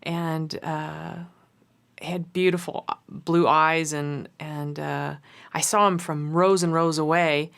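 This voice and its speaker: Woman with a really low gravelly voice, candid and joking, interview. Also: steady tone, a bit bright. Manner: candid, playful, quick asides. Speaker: business partner and wife. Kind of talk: documentary interview storytelling.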